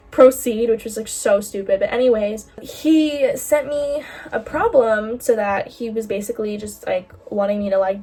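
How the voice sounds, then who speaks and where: A woman's voice: mid-range voice, darkish tone, distant mic. Chatty young woman, slightly off-mic. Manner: candid and chatty, heavy filler "like", swears freely. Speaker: bracelet-making vlogger. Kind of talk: casual storytime chat. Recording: voice a bit off-mic, faint music behind.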